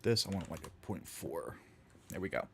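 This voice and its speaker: Low-voiced man chatting on a live stream. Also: expressive, normal speed, gravelly, slight background noise. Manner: rambling, joking, talks to chat while editing. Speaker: game mod creator streaming his work. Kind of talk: casual live-stream chat while working.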